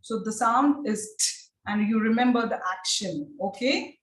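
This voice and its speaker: A woman training teachers in phonics. She speaks in an encouraging way and drills each sound slowly and repeatedly. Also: fairly high pitch. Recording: echoey room, distant mic.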